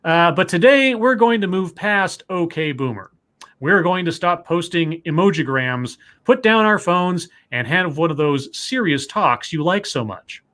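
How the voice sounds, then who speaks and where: Animated and measured in pace, this fairly high, slightly bright male voice belongs to a co-host of a relaxed talk stream. He reads out news pieces and viewer notes, quoting them directly and self-correcting mid-sentence.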